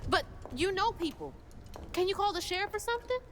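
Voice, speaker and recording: A woman's voice: extremely high pitch, very animated, a little fast, fairly bright tone, slight background noise, exaggerated voice. A young woman, voicing a frightened young woman in a video game, pleading and urgent. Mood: desperate. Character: frightened young woman searching for her mother.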